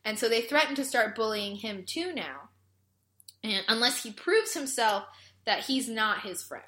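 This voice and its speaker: A woman talking through a show's plot in a casual chat, her voice bright and fairly high. She tells it in an exasperated way, with lots of fillers. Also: animated, measured pace. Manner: exasperated, filler-heavy storytelling. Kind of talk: casual chat recapping a show.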